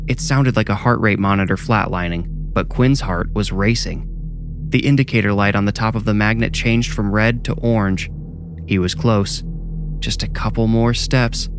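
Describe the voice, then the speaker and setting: A man narrating a scripted horror story in a measured, deliberate way. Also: lowish voice.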